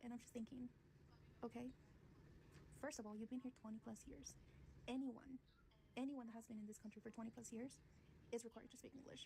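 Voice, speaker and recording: A woman's voice: fairly high pitch, little pitch movement, fast talker, creaky, dark tone, slight background noise. A woman ranting bluntly in a casual vlog, profane and sarcastic.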